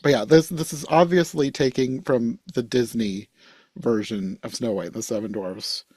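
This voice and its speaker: A man hosting a podcast, chatting casually about a movie with a laid-back, wry manner that drops into quiet asides. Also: mid-range voice, fairly even intonation, normal speed, husky, dry recording. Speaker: podcast host. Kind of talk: casual movie review chat.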